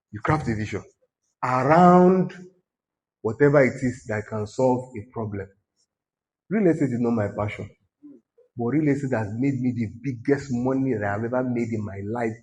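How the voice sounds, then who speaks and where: A Nigerian-accented man with a medium-pitched voice preaches as a pastor, urging on his congregation and teasing them in a conversational manner.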